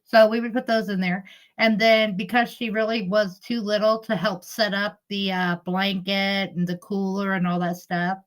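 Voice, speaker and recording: A woman's voice: medium pitch, flat delivery, moderate pace, poor audio. A middle-aged woman, live streaming in casual chat, telling family stories with frequent laughs and greeting viewers. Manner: chatty storyteller, laughs often, greets viewers.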